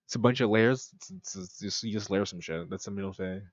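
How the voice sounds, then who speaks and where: A man's voice: lowish voice, fast, no room sound, dull audio. A man streaming a casual reaction commentary, rambling and joking with mock-French asides. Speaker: streamer reacting to a cooking video.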